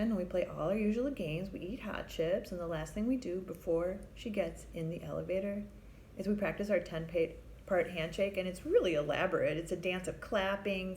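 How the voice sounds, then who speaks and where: A woman's voice: mid-range voice, darkish tone, slight background noise. A middle-aged woman, a family therapist, telling a personal story in a candid, reflective, conversational way.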